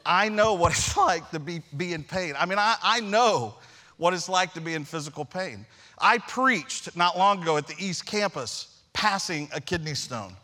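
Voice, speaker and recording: A middle-aged man preaching a sermon, telling a personal story with animated, self-deprecating humor. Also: high voice, normal speed. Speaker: pastor.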